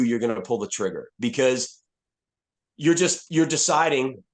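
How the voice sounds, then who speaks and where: Brief: man, 50s, retired soldier on a podcast, blunt and profane, mid-pitched, candid storytelling. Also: animated, unhurried. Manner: blunt, profane, frequent restarts and fillers.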